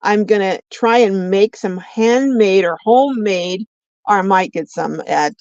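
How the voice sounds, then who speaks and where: A woman's voice: mid-range voice, measured pace, a little mellow, no echo. Female livestream host, friendly rambling chat with viewers, dry lo-fi laptop sound. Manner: chatty, greets viewers by name and reads comments aloud.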